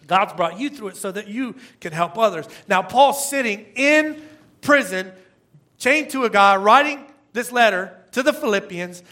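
Middle-aged male pastor, emphatic sermon delivery, tense bright tone, rhetorical questions. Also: high-pitched. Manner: emphatic preaching, repeats phrases and asks rhetorical questions.

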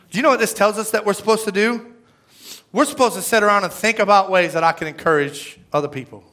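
A man preaching a conversational sermon, with a lively drawl and frequent "right?" asides. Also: high voice, a little fast. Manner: energetic, conversational, tag questions. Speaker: pastor.

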